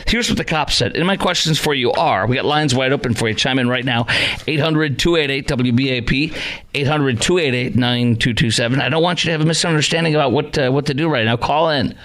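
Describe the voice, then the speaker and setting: A man's voice: mid-range voice, brisk, a bit bright. A man hosting a talk radio show, arguing with emphatic rhetorical questions into a studio microphone.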